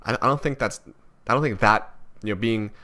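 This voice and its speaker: A man's voice: fairly low pitch, fairly quick, pushed and bright. A young man from Canada talking through his thoughts in a personal vlog, rambling and self-critical with many restarts. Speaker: vlogger.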